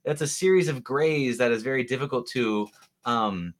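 A man's voice: medium pitch, moderate pace. A man hosting a podcast interview, reflecting on what his guest said and building up to a question. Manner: reflective, restarts thoughts while framing questions. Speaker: podcast host. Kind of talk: conversational interview.

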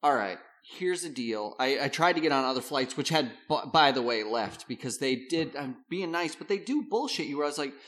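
A man's voice: medium pitch, animated, a little fast, few pauses, a bit bright. A man in casual chat, telling a story and acting out quotes, with plenty of swearing.

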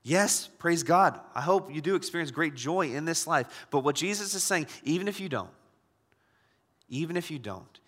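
A male pastor in his thirties delivers a casual, conversational sermon, his voice bright and a touch high. He drops to near-whispers and then surges back loud for emphasis. The sound carries a long reverb from a large hall. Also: expressive, moderate pace. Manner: conversational preaching with swings from loud to hushed.

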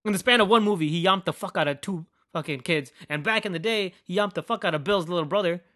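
A young man rants about a movie on his podcast, loose and mocking, with swearing in nearly every sentence. His voice sits a little high for a man, and he jumps between loud outbursts and low muttering. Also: fast talker. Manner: animated, swears constantly, mocking. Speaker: podcast host. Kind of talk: casual profane movie rant.

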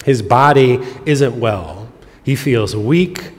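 A man preaching a sermon, explaining scripture in an earnest way, his voice dropping soft and quiet on heavy moments. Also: mid-range voice, lively intonation, takes it slowly. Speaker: pastor. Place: church sanctuary. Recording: long reverb of a church hall.

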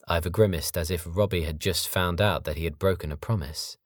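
A man narrating a novel audiobook in a measured, steady reading style. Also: sits low, dry recording, clean studio sound. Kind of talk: scripted narration.

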